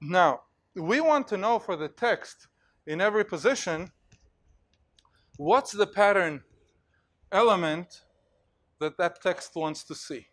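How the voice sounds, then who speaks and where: A male university lecturer giving an animated lecture in a hall, telling stories and acting out examples with plenty of fillers. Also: high-pitched, slow, long pauses. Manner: animated storytelling, acts out cheers, many fillers.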